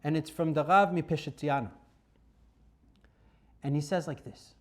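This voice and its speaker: A man giving a dramatic Torah lecture, swinging between loud bursts and hushed asides and asking his listeners questions. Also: on the high side, moderate pace. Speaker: rabbi teaching a Torah class.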